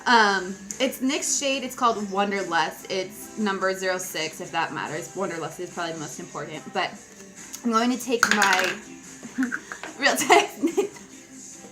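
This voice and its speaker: A woman's voice: mid-range voice, normal speed, music in the background, poor audio. A young woman chatting casually through a makeup tutorial, giggly and self-mocking, with offhand asides. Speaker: beauty vlogger.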